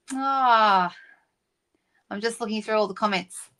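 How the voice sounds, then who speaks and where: A woman's voice: medium pitch, slow pace, a bit bright. A middle-aged woman hosting a papercraft live stream, chatting casually and greeting viewers by name. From Australia.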